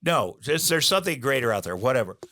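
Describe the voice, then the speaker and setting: Middle-aged male guest, rambling storyteller, plenty of ums and restarts, even mid-range voice. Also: medium pitch, fast talker. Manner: rambling, many fillers and restarts, acts out quotes. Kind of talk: candid storytelling interview.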